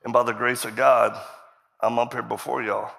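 A man's voice: medium pitch, flat delivery, moderate pace, vocal fry, fairly bright tone. A man telling a self-mocking, joke-filled story as a guest speaker in a church sermon, acting out the voices of people he quotes. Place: church stage before a congregation. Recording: long hall reverb from a stage.

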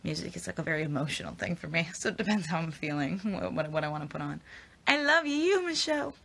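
A woman's voice: sits low, fast, vocal fry, a little hiss or hum. A young woman answering fan questions in a casual, chatty way, giggling and rambling with fillers, recorded on a phone at arm's length. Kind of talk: casual live Q&A chat.

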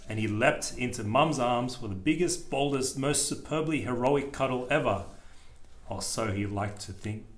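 A man, a father, reading a children's book aloud to his child and gently pointing out the pictures. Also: medium pitch, moderate pace. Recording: echoey room.

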